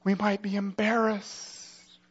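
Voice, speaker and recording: A man's voice: sits high, completely flat delivery, takes it slowly, slightly rough, highs cut off. A man preaching a sermon as a pastor, building urgency with vivid scenarios and rhetorical questions.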